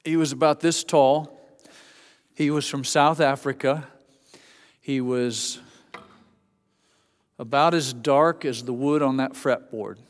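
A man's voice: mid-range voice, steady tone, slow, pauses often. Folksy preaching man in a reverberant hall. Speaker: pastor. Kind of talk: sermon.

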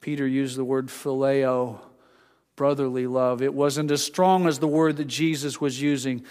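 A man's voice: mid-range voice, steady tone, measured pace, smooth. Man, preacher, sermon delivery, mid voice, acts out the voices, long echo of a hall. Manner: storytelling, acts out voices of scripture figures; drops to a quiet hush for intimate lines, rises for emphasis.

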